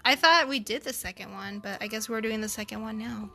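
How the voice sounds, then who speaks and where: A woman's voice: mid-range voice, brisk, bright, forceful tone, faint music behind. A woman streaming a story game, chatting and thinking aloud as she plays, laughing often. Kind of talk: game stream with reading and commentary.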